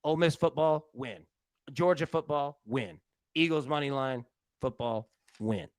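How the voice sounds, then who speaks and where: A man hosting a sports betting show, energetic and joking in casual, rambling chat. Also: medium pitch, unhurried, no room sound.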